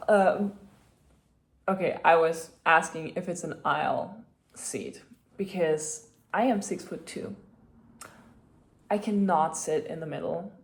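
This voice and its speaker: A woman with a slightly low voice chats through a personal story in a relaxed vlog, full of "like" and "um". Her retellings of conversations get lively and animated. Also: a little slow. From Austria. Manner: chatty, many fillers, animated retelling. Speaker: vlogger.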